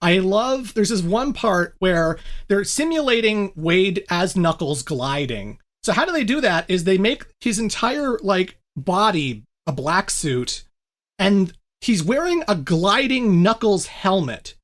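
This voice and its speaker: Animated woman retelling a show. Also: medium pitch, measured pace. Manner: animated, laughs while retelling scenes. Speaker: podcast co-host. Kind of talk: casual chat.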